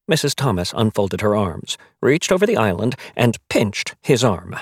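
A man reading a novel aloud as its narrator, telling the story in a measured, wry way. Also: on the low side, big pitch swings, dry recording, studio quality. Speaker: audiobook narrator. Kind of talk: scripted narration.

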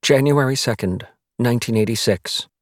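A man reading a novel aloud as its narrator, telling the story in a measured, wry way. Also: mid-range voice, no room sound, studio quality. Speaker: audiobook narrator. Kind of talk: scripted narration.

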